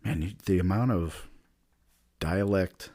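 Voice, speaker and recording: A man's voice: low voice, slow pace, warm tone. A man hosting a podcast in casual chat, rambling and laughing, trailing off into fillers. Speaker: podcast host.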